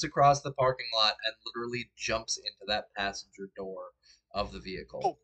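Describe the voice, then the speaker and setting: A man narrating a tabletop game as game master in a relaxed, chatty way with frequent fillers. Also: lowish voice, fairly quick.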